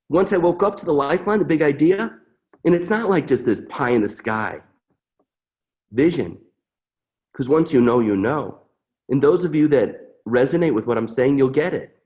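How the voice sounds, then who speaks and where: Earnest middle-aged male presenter, animated pitch, heartfelt and repetitive. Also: moderate pace, long pauses. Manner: earnest, emotive, repeats mantras. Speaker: webinar presenter. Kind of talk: emotional live demonstration.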